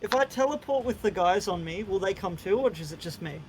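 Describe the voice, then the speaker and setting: A man's voice: sits high, expressive, a little fast, a little hiss or hum, poor audio. An Australian man playing a tabletop game, matter-of-fact, reading his rules aloud. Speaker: player.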